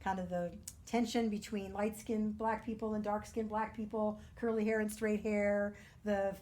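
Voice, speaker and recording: A woman minister giving a gentle, earnest spiritual talk, sometimes dropping to a soft near-whisper. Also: mid-range voice, level tone, normal speed.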